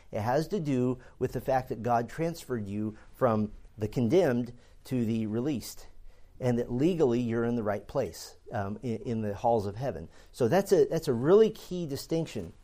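Man lecturing on theology, warm mellow tone, earnest, repeats words, lots of ums. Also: mid-range voice. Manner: earnest, repeats words while thinking, many fillers. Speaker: theology teacher. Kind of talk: classroom lecture.

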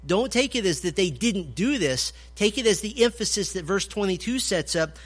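A man preaching an expository sermon, emphatic, swinging from loud declarations to low, quiet points. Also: sing-song, moderate pace, hardly any pauses, husky. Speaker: pastor.

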